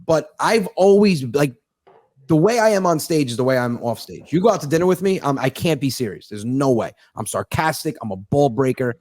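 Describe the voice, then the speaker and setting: A man in his thirties, a comedian telling stories in a fast, profane, sarcastic casual chat. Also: a little high, animated, a little mellow, no room sound. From United States. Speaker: comedian guest.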